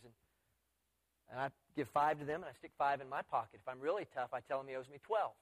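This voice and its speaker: A man's voice: on the high side, fairly quick, fairly bright tone. A man preaching a sermon in a conversational way, often putting questions to his listeners. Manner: conversational, asks the audience questions.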